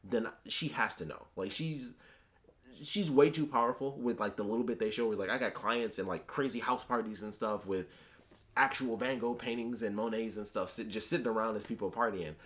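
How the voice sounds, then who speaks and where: A man's voice: lowish voice, brisk, a bit bright. A man giving a casual spoken review of a TV episode, rambling with lots of fillers and restarts.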